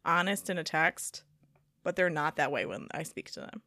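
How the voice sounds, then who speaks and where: A young woman co-hosting a casual chat podcast, chatty and teasing, quick to react to her friend. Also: deep voice, lively intonation, pushed and bright, dry recording, studio quality. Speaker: podcast co-host.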